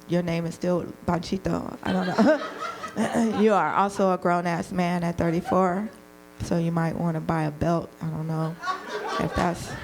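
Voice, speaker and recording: A woman's voice: lowish voice, noisy background. A woman in her fifties doing a stand-up roast, brash and teasing, who laughs at her own jokes. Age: 50s. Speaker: comedian roasting guests.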